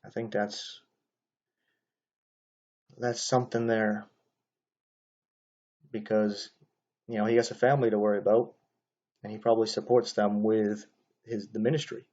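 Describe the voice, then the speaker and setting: A man's voice: on the low side, level tone, unhurried, long pauses, a little mellow, highs cut off. A man talking casually into his own camera, commenting on another preacher's video in a rambling monologue full of fillers and restarts.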